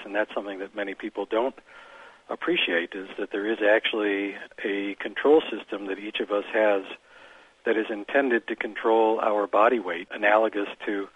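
Husky man on a tinny phone line. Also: fairly low pitch, dry recording. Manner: measured, explanatory. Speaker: scientist guest. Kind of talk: explanatory interview answers.

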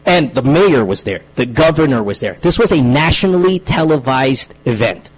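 A man's voice: mid-range voice, expressive, moderate pace, a little hiss or hum, rough recording. A man hosting a radio talk show, arguing his point with emphatic, stammering restarts.

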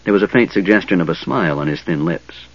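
A man narrating a fantasy novel in a dramatic, expressive reading. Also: sits low, fast, highs cut off. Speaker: audiobook narrator.

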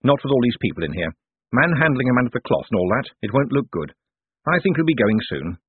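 A man voicing a quick-witted young male swindler turned official, talking smoothly and persuasively. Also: mid-range voice, sing-song, no room sound, voice pushed up. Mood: urgent. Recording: tinny lo-fi audiobook recording.

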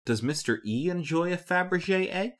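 A man co-hosting a podcast in a loose, casual chat. His pitch swoops around a lot as he rambles through his explanations. He laughs often and keeps the energy up. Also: animated, normal speed. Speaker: podcast co-host.

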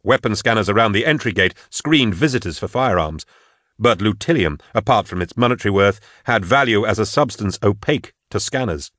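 A man with a voice on the low side narrates an audiobook from a script, telling the story in a steady, measured manner. The sound is studio quality with no echo.

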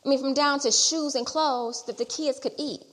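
A middle-aged woman preaching a sermon and telling her own testimony. She repeats phrases as she builds toward loud exhortation. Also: high voice, steady tone, normal speed. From Detroit area. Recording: long hall reverb.

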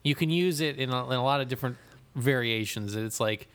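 Bright-voiced, joking male co-host. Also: medium pitch, clear, resonant tone. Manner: quick, joking, swears freely. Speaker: podcast co-host. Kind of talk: casual comedic chat.

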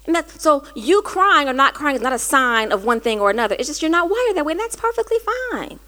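A woman hosting, telling a personal story in an earnest, conversational way that turns animated when she quotes herself. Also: high-pitched, a little fast. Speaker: host.

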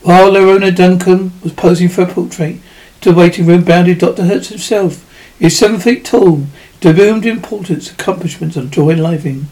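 A man reading a short story aloud in a measured, even way. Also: sits high, low-quality recording. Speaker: audiobook reader.

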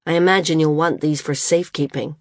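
A woman's voice: deep voice, fairly even intonation, brisk, no echo, clean studio sound, natural voice. A woman voicing a cool, bitter young man flyer who speaks in a level, sardonic way.

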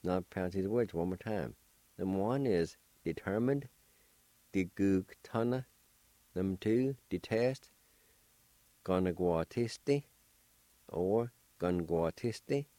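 A man's voice: on the low side, dark tone, dry recording. A man hosting a radio language lesson, patiently spelling and pronouncing words syllable by syllable. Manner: patient, encouraging teacher. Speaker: radio host teaching a language.

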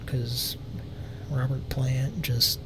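On a live prank call show, a Southern US man rambles, packing his talk with fillers and easy profanity. He draws out his words and keeps his pitch flat and level, while a steady background rumble runs beneath the recording.

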